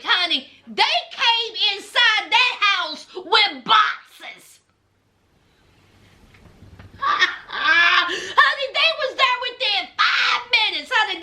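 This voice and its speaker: A woman's voice: very high-pitched, bright, forceful tone. A woman hosting a reality TV recap, telling it as a sassy, dramatic story in casual commentary. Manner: sassy, dramatic storytelling, calls listeners honey.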